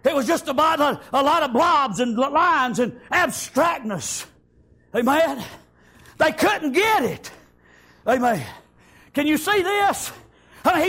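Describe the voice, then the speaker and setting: A man preaching a fervent revival sermon, often shouting and punctuating with "amen" and "praise God". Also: very high voice.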